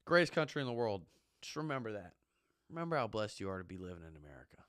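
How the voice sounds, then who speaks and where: A man's voice: fairly low pitch, very animated, fast, fairly bright tone, dry recording, clean studio sound. A man and former Marine giving an impassioned, ranting monologue, repeating his points with emphasis. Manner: fired-up, ranting, emphatic repetition.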